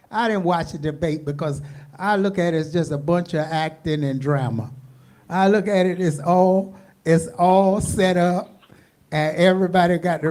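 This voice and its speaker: A folksy woman hosting a community call-in radio show. Her voice is dark and mellow, and she talks in a loose, chatty, drawn-out way. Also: fairly low pitch. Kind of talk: casual call-in radio chat.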